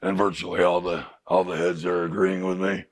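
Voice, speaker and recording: A man's voice: low-pitched, level tone, fairly quick. A middle-aged male addiction counselor talking candidly to a recovery group, often asking them rhetorical questions. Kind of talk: group talk to clients. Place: recovery house group room.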